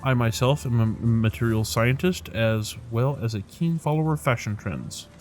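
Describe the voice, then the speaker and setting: A man's voice: medium pitch, normal speed, faint music behind, lightly acted. A man voicing a polite, formal male tailor and material scientist in a video game, speaking like a salesman. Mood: courteous. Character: courteous male master tailor, scholarly.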